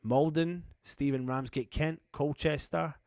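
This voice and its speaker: A man from England hosts a live football watchalong for his fan channel in a fairly high yet gravelly, darkish voice, steady and at a measured pace, with clean studio sound and no echo. Matey and chatty, he calls the match, reads out viewer comments, and pauses the commentary to greet viewers.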